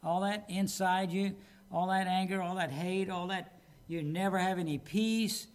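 Man, pastor, sermon, somewhat high voice, conversational, repeats himself, asks rhetorical questions. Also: fairly even intonation, a little slow. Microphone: microphone with a loose connection.

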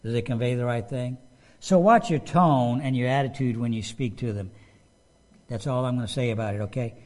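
A man's voice: medium pitch, fairly quick, darkish tone. A middle-aged man preaching a sermon, talking conversationally and putting questions to his listeners. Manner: conversational, asks the congregation questions.

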